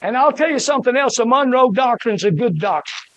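Older male preacher, high-pitched and emphatic, dry close sound. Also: animated, a little fast, dry recording, rough recording. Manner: emphatic, shouting peaks, sharp rhythmic lists. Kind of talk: fiery sermon.

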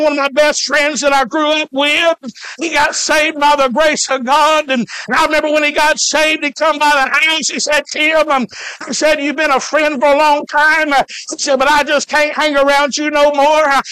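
A man from Alabama preaches in a fervent, high and bright voice. He shouts and stretches out his phrases, with frequent "uh" fillers. The sound is close and dry, with no room around it. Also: dry recording. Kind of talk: shouted revival sermon.

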